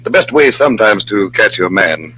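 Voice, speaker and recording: A man playing a calm, wise male magician, measured and coaxing, in 1940s radio acting style. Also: fairly low pitch, breathy edge, full character voice, rough recording.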